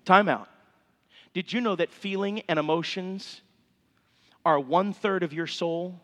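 A man's voice: sits high, a little slow, long pauses, a bit bright. A middle-aged male pastor, preaching a sermon with fervent, impassioned appeals in a church sanctuary. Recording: long reverb of a church hall.

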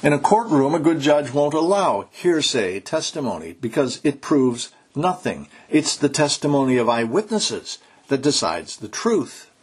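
A man preaching a sermon, exhorting his listeners and slowing down to stress key words. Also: medium pitch, very animated, slightly rough. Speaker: pastor.

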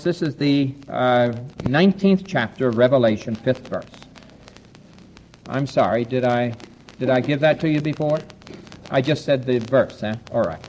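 A man preaching a sermon, earnest and steady, slowing down to read scripture aloud and adding light asides to his congregation. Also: medium pitch, dull audio. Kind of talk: sermon with Bible reading.

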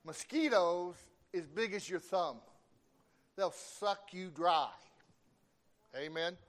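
A middle-aged man preaching in a fairly high voice. He tells homespun stories at an easy pace and often pauses to ask for an amen. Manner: folksy, calls for amens. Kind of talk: sermon with folksy storytelling.

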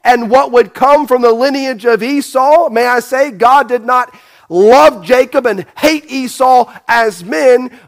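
A man with a high voice preaching a sermon. He talks emphatically, fires off rhetorical questions and often restarts his phrases. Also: fairly bright tone. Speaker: pastor.

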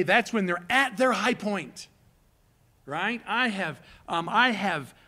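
Preacher, middle-aged man, high-pitched and unhurried, animated pulpit delivery. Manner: animated preaching, explains Hebrew words. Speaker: pastor. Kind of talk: sermon.

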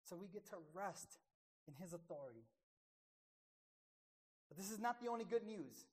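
A woman preaching a sermon, emphatic, dropping to a hush and rising loud again, slowing down on key words. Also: mid-range voice, lively intonation, slightly rough.

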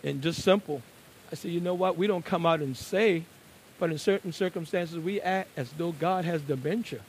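A man preaching a sermon, moving between quiet, conversational asides and loud, emphatic declarations. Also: a little high, moderate pace, husky, poor audio.

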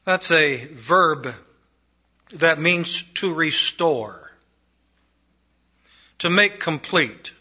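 A male preacher with a fairly high, strikingly bright and piercing voice delivers an emphatic sermon. He moves between raised declarations and hushed, low phrases. The recording sounds dull and lo-fi. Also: slightly rough.

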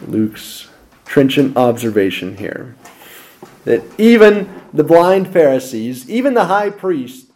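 This sermon comes from a male pastor whose voice is on the high side and sing-song, moving at a slow pace. He asks rhetorical questions and swings from loud emphasis to quiet asides.

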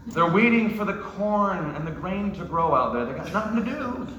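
A preacher from New York delivering an emphatic sermon in a church, with rising shouts and joking asides. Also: male voice, high-pitched, animated, normal speed, reverberant, lo-fi sound, background noise. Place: church sanctuary.

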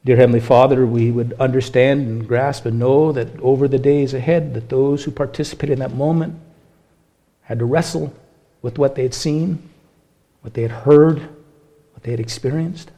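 A man preaching a sermon as pastor, impassioned, swinging between hushed, quiet passages and ringing, raised ones. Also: medium pitch, steady tone, normal speed.

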